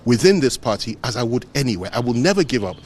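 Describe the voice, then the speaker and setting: A man's voice: mid-range voice, very animated, fast talker, a little hiss or hum. A man giving an earnest, emphatic press statement, repeating phrases for weight. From Nigeria. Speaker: politician speaking to the press.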